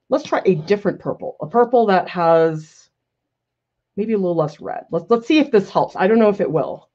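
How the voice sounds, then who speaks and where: A woman's voice: on the high side, very animated, brisk, warm tone. A woman art professor painting live, thinking aloud casually and critiquing her own work, laughing often as she answers viewer questions. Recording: slightly dull lo-fi sound.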